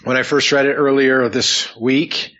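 A man's voice: medium pitch, fairly even intonation, unhurried, a bit bright, lo-fi sound. A man preaching a sermon as pastor, praying and then teaching in an earnest way with dry teasing asides, in a church sanctuary. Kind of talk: sermon with opening prayer.

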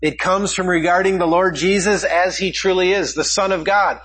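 Man, pastor preaching a sermon, husky, slightly high voice, rhetorical questions. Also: steady tone, normal speed, fairly bright tone, poor audio.

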